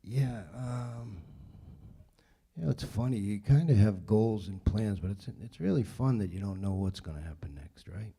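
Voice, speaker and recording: A man speaks in a low, dark, husky voice. He answers questions in an easygoing, rambling way, full of fillers and restarts. It is casual panel talk. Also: moderate pace. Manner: relaxed, rambling, frequent fillers. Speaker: director answering audience questions.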